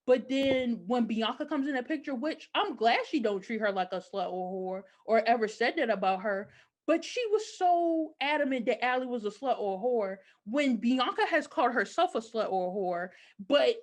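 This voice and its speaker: A young adult woman co-hosting a podcast, chatting casually and giving opinionated, animated recaps full of "like". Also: fairly high pitch, normal speed. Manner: animated, opinionated storytelling with frequent "like". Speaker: podcast co-host. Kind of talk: casual chat recapping a TV episode.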